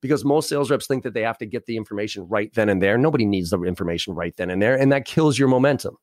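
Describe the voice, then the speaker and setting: A middle-aged man talks sales tactics at a rapid clip, acting out both sides of a call as he goes. His voice sits fairly low. The sound is dry and close to the mic. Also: no room sound. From Boston area, US. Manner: rapid, animated, role-plays sales calls. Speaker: sales trainer, guest. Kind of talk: casual podcast interview.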